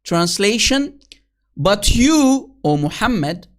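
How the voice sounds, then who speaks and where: A speaker talks very slowly and deliberately, and each point is combative and accusatory. The delivery is a pointed rebuttal aimed at the view being argued against. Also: mid-range voice, very animated. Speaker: critic making a rebuttal video. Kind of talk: rebuttal commentary.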